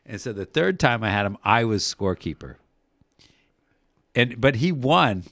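A man co-hosting a casual sports podcast, telling rambling, profane stories that get animated. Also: mid-range voice, normal speed, no room sound. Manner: rambling storyteller, swears, animated when recounting yelling. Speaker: podcast co-host.

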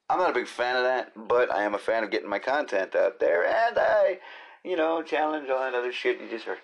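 A man hosting his own solo podcast, talking off the cuff in a rambling, jokey way with quick asides. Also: mid-range voice, animated, a bit bright. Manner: rambling, jokey, jumps between silly voices and asides. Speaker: podcast host.

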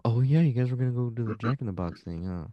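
A man's voice: mid-range voice, animated, fast, no echo, muffled recording. A young man in a casual podcast chat, joking and swearing freely. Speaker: podcast co-host.

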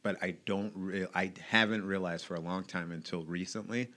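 A man in his late thirties talks as a podcast guest, open and reflective. His voice sits a little low but comes across bright and forward. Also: steady tone, normal speed. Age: late 30s. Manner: open and reflective, laughs often. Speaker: podcast guest, evangelist and motivational speaker. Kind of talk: casual chat.

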